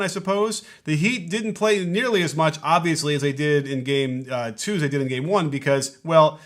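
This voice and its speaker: A man's voice: fairly high pitch, fairly bright tone. A man hosting a live basketball post-game stream from home, talking through plays and reading out viewer super chats in a chatty, rambling way, with many ums and restarts. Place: home setup in Los Angeles.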